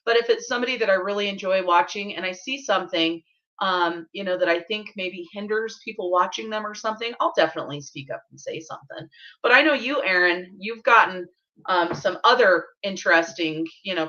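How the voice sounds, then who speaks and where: A woman co-hosting a casual live-stream chat, talking quickly and bluntly and often asking "you know what I mean?". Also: on the low side, sharp tone, lo-fi sound. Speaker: co-host of budgeting channel.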